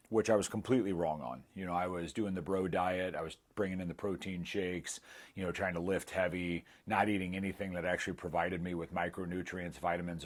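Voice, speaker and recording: A man in his thirties giving a candid, self-mocking testimonial in casual storytelling style. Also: low voice. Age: 30s. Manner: candid, self-mocking, acts out quoted dialogue. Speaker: former client giving a testimonial.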